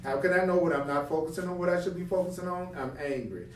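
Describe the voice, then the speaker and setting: Fast and high-voiced, a man reads aloud from a spiritual text and then explains it, using rhetorical questions and animated, acted-out sample dialogue. He's recorded far from the mic, giving a roomy sound.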